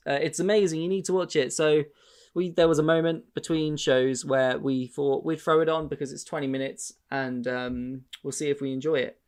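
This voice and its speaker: Man, podcast co-host, casual rambling talk, frequent swearing, plenty of restarts. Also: medium pitch. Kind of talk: casual chat.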